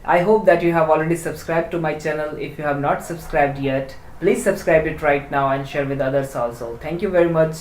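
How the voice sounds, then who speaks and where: A teacher explaining an online language lesson slowly and deliberately, pausing often to find words. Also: medium pitch, echoey room, a little hiss or hum, poor audio. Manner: slow, deliberate, with frequent hesitations.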